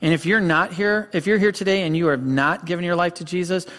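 A man's voice: sits high, steady tone, quick pace, a bit bright. A man preaching a sermon as pastor, telling a story earnestly and stressing points with repetition, in a church sanctuary. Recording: long hall reverb.

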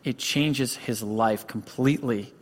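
A man's voice: medium pitch, slow pace. A man preaching a sermon as pastor, telling a story earnestly and stressing points with repetition, in a church sanctuary. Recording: long hall reverb.

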